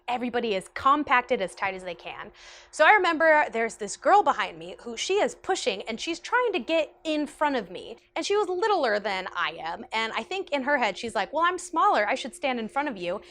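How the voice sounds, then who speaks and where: A young woman casually telling a personal story, animated and chatty, with lots of "like" fillers. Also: on the high side. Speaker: vlogger.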